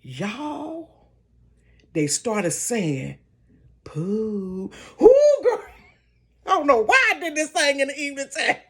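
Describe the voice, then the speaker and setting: An older woman telling a dramatic story from her bedroom, talking straight to her viewers in a casual, expressive way. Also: high voice, a little slow.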